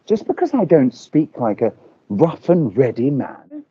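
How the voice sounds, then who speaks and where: A man voicing a soft-spoken, gentle young man who sounds defensive. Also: mid-range voice, wildly swooping pitch, unhurried, husky, dull audio, exaggerated voice.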